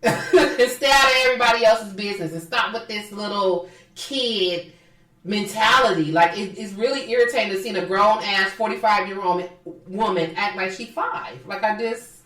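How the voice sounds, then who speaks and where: A woman co-hosting a casual podcast, gossiping about a reality show with plenty of swearing and quick impressions of the people she talks about. Her voice sits at a middle pitch. She is recorded off the mic in a room with a strong echo. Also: far from the mic. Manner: animated, profane, mimics people in quotes. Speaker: podcast co-host. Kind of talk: casual chat recapping reality TV.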